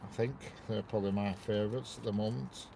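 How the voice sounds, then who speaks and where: Northern English man, deep gravelly voice, rambling live-stream chat, in a parked car, faint vehicle noise. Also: steady tone, a little fast, dark tone. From north of England. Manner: chatty, rambling, greets viewers by name. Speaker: railway livestreamer. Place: parked car near a railway bridge. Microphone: wireless clip-on mic inside car.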